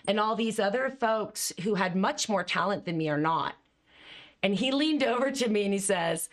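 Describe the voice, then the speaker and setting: A middle-aged woman, a communication coach, telling her stories in an expressive, animated way and laughing now and then. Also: mid-range voice, normal speed. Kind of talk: conversational storytelling.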